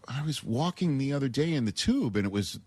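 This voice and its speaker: A man's voice: mid-range voice, lively intonation, a little fast, a little mellow, slightly rough. A man hosting sports radio, teasing his co-hosts in casual banter. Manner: teasing, incredulous.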